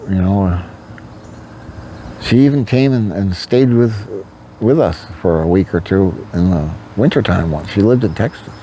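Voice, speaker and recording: A man's voice: lowish voice, warm tone, slight background noise. An older man telling a candid personal story to his vlog audience, rambling with frequent fillers. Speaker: vlogger. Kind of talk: confessional storytelling to camera.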